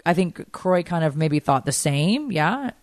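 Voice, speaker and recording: A middle-aged woman co-hosting a podcast, telling stories in animated, chatty conversation. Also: on the low side, unhurried, dry recording. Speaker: podcast co-host. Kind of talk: casual chat.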